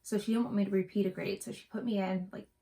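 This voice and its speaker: A woman's voice: medium pitch, steady tone, fast, vocal fry, warm tone. A middle-aged woman from West Virginia co-hosting a cross-stitch vlog, chatting and telling rambling stories. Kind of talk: casual chat.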